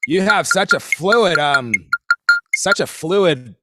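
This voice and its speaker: A man's voice: on the high side, expressive, slow pace, over loud music. A man leading a livestream drum lesson, talking casually as he explains stickings and counts the group in. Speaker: drum instructor.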